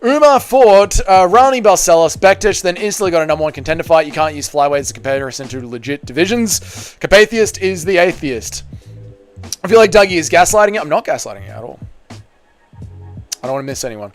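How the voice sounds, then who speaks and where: Rambling Kiwi streamer, slightly high voice. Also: male voice, expressive, faint music behind. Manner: quick, rambling, heavy use of "like", swears casually. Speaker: MMA livestreamer. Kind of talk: casual livestream chat, reading viewer comments aloud.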